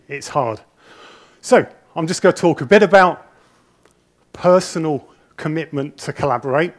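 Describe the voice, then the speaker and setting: A nervous man giving a conference talk on stage into a handheld microphone, telling stories in a chatty, self-deprecating way with frequent restarts. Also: fairly high pitch. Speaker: conference speaker. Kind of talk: conference presentation, anecdotal storytelling.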